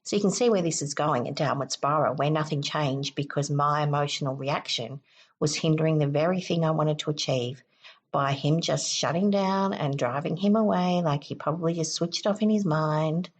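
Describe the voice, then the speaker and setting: Low, husky-voiced woman podcast host. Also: moderate pace. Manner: calm, instructive, step-by-step. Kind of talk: self-help podcast talk.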